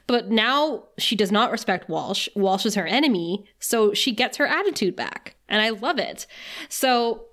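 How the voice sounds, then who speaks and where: A woman's voice: mid-range voice, lively intonation, unhurried, a bit bright. A woman co-hosting a podcast, recapping an episode in casual chat, laughing often and saying "like" a lot. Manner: chatty, laughs often, filler "like". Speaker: podcast co-host.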